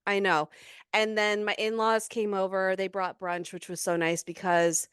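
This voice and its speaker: Pregnant woman in her 30s gabbing on a podcast, smooth clear voice, dry close sound. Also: medium pitch, level tone, moderate pace, fairly bright tone, no room sound. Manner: chatty, breathless run-on storytelling. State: heavily pregnant. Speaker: podcast co-host. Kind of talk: casual chat.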